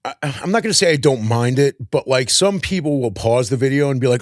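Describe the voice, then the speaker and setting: A man co-hosting a podcast in casual chat, jokey and quick to laugh. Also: medium pitch, dry recording, clean studio sound. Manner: animated, laughs often, jokey. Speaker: podcast co-host.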